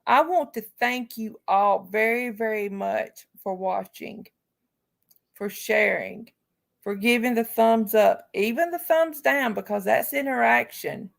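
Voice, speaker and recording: Woman doing a casual live stream, slow drawn-out talk, kinda gravelly, chatting straight at her viewers. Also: fairly high pitch. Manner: outspoken, heartfelt, talks straight to chat viewers. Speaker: livestream host.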